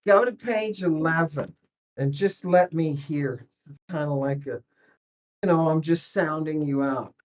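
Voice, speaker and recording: A woman's voice: sits low, a little slow, a little mellow. A woman teaching a language lesson online, talking in an encouraging, emphatic way as she coaches a student. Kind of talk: online tutoring session. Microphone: video call. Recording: muffled video call audio.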